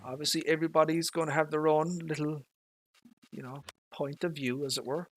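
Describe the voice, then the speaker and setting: An Irish livestreamer rambles casually through his opinions while playing a farming game live, swearing whenever something goes wrong on screen. His voice is a little high and level in tone, his pace brisk, with slight background noise.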